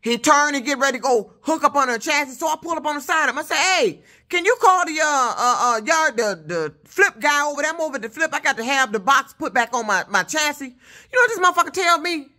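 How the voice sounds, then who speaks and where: A truck driver woman rants in a loud, high voice. She tells her story with heat and plenty of cussing. Her tone is bright and forceful. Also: lively intonation, quick pace. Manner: loud, heated, profane storytelling. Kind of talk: casual vlog rant.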